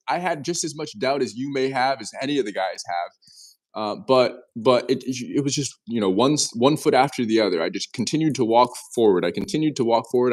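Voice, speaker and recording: A young man in his twenties spins a story in a casual interview, animated and earnest, voice sitting at an ordinary middle pitch. He trips over his words and restarts sentences as he goes. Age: 20s. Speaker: interview guest.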